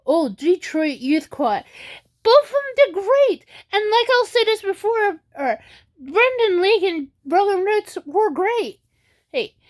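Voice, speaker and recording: Slow-talking high-voiced woman vlogger. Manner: halting, many restarts and fillers; tearful and emotional in places. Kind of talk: casual vlog commentary.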